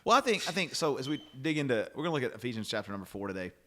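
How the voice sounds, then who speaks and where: A middle-aged man hosting a relaxed faith-based podcast chat at a medium pitch. He rambles, restarts his sentences and acts out the lines he quotes. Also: racing. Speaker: podcast host.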